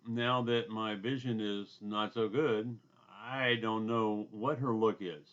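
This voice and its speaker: A man with a loud booming voice and a drawl, giving a casual recorded lecture from his home basement, with asides and throat clearing. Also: steady tone, takes it slowly, muffled recording. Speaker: instructor.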